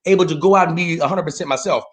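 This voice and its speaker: A man who is a comedian, guest on a casual interview show, talking loosely and breaking into loud, animated mock outrage. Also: on the high side, rapid-fire.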